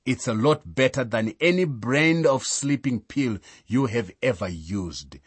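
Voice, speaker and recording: A man preaching a slow, measured sermon, reading scripture aloud and then explaining it. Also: medium pitch, lively intonation, husky, dry recording.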